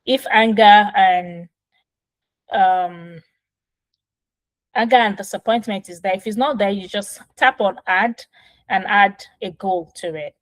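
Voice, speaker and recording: A woman's voice: medium pitch, takes it slowly, long pauses, no echo, poor audio. A woman parenting coach talking through setting goals step by step, patient and explanatory, recording on her phone. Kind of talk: casual instructional talk.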